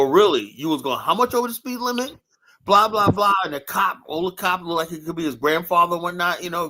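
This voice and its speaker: A man holds forth in a heated casual debate, his voice sitting a little high for a man. He rambles, swears freely and keeps checking in with 'right?' after nearly every sentence. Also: bright, forceful tone. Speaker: panelist.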